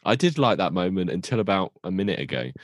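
A man's voice: low-pitched, sing-song, fast, dry recording, studio quality. A man co-hosting a podcast, chatting casually in a teasing way and laughing easily. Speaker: podcast co-host. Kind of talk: casual chat about a TV show.

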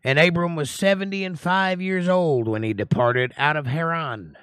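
A man's voice: a little high, normal speed, fairly bright tone, smooth, dry recording, studio quality. A man leading a casual livestream Bible study in a folksy, chatty way, reading scripture aloud, explaining it, and greeting viewers by name. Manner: reads scripture aloud and comments on it.

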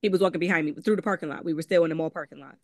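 A woman's voice: sits low, rapid-fire. A woman with a Connecticut accent recounts her past as an interview guest, speaking candidly with plenty of "um" and "like". She slips into quoted voices as she tells it. The sound is dry, with no room echo. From Connecticut, USA. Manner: candid, conversational, frequent "um" and "like", acts out quoted voices. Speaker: guest author. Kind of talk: personal storytelling in interview.

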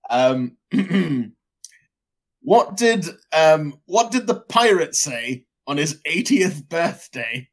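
A man co-hosting a podcast in easygoing chat, unhurried in his delivery. His voice sits a little high and swings widely in pitch, and he keeps dissolving into giggles. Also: very animated. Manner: giggly, breaks into high laughs. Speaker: podcast co-host.

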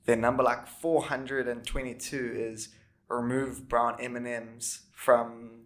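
A man's voice: medium pitch, flat delivery, slow pace. A man hosting a podcast, telling stories in easygoing casual chat. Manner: storytelling, easygoing, asks questions. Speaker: podcast host.

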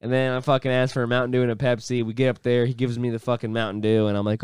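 Young man, casual podcast chat, relaxed storytelling, dry recording. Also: medium pitch, rapid-fire, clear, resonant tone, dry recording. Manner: laid-back, profane storytelling. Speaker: podcast co-host.

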